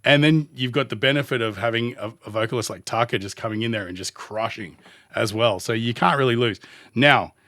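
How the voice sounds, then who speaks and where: A man's voice: medium pitch, fairly bright tone, no room sound, studio quality. Australian man thinking aloud over music. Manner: rambling, thinking aloud while pausing the track. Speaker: music producer reacting to songs. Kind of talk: casual music reaction commentary.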